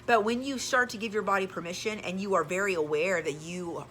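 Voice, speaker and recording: A woman's voice: mid-range voice, brisk, hardly any pauses, a bit bright, slight background noise. A woman with a Southern American accent, a spiritual healing coach talking earnestly to camera in a casual motivational vlog. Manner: earnest, emphatic, repeats words.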